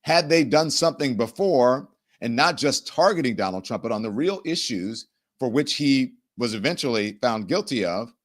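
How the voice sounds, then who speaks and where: A man's voice: medium pitch, normal speed. Sarcastic male live-stream host. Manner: animated, sarcastic, mimics people he talks about.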